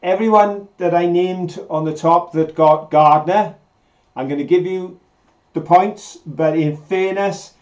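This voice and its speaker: A man's voice: a little high, a little mellow. A man, co-hosting a live stream in a chatty, jokey, enthusiastic way. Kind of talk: casual live-stream chat. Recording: slightly dull lo-fi sound.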